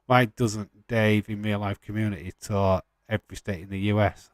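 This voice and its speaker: A fairly low-pitched man talks casually on a live stream, joking and laughing as he reads out viewer comments. His voice is recorded very dry and close, with no room sound around it. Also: little pitch movement, moderate pace, dry recording. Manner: chatty and jokey, laughs often, swears casually. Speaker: streamer hosting a wrestling watch-along.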